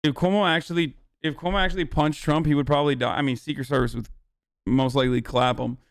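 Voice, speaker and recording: A man's voice: a little high, fairly even intonation, fast talker, no room sound, clean studio sound. A man reacting to clips on a live stream, with brash, profane, joking commentary.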